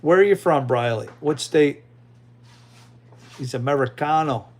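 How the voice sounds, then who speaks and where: A man's voice: on the high side, a little slow, darkish tone. A man hosting a casual livestream, chatting loosely with his viewers and an AI assistant. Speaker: livestream host.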